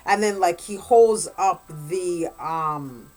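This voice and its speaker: A woman's voice: fairly low pitch, takes it slowly, a little mellow, faint music behind. A woman, a guest reviewer, casually retelling a book's plot in a rambling way, full of "like" and "blah, blah.". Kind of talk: casual spoken book recap.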